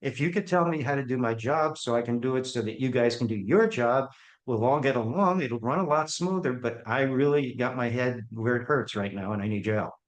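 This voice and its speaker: A podcast guest with a mid-range voice and a slightly quick pace tells stories from his career during an interview. He's animated and performs the voices of the people in his anecdotes. The room has a noticeable echo.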